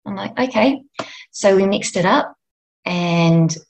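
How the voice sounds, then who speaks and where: Gentle gravelly Australian woman. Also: mid-range voice, slow, slight background noise, rough recording. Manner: gentle, emotional, heartfelt. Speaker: end of life doula and nurse, guest. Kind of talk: podcast interview, storytelling.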